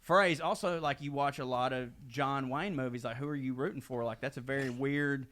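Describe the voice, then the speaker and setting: A man's voice: mid-range voice, brisk, a bit bright. A man, a podcast co-host telling a story in rambling, profane casual chat while a bit tipsy. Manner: rambling, profane, doing voices of people he quotes. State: drinking, tipsy.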